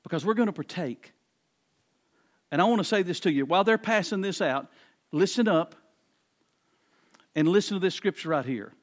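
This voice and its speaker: High-voiced preacher. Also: male voice, expressive, normal speed, long pauses. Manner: emphatic preaching, repeats phrases, swings between quiet and loud. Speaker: pastor. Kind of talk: sermon.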